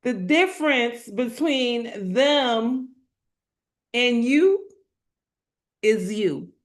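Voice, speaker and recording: Slow, emphatic woman preaching to a live chat. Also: on the high side, expressive. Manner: slow, emphatic, repeats phrases, colloquial, calls out chat. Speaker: motivational speaker. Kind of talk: preaching to an online live audience.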